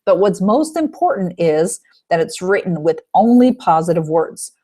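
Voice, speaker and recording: A woman's voice: fairly low pitch, animated, normal speed, warm tone. Upbeat woman coaching with rhetorical questions. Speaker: self-help coach. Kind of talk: teaching a webinar call.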